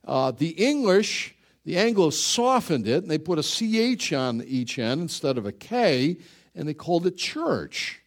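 A man's voice: fairly high pitch, very animated, measured pace. A man preaching a sermon in a conversational way, often asking the congregation questions and repeating words for emphasis. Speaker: pastor.

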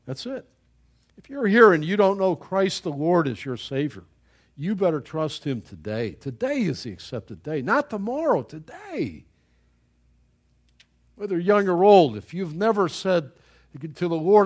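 Older guy preaching hard, voice jumps all over, kinda high. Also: sing-song, measured pace, slightly rough. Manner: emphatic, exhorting, swings between loud and soft. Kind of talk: sermon.

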